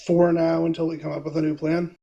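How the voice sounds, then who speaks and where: Mellow, wisecracking male player. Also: a little high, little pitch movement, a little fast, creaky, dull audio. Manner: brief, wisecracking. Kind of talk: casual tabletop game chat.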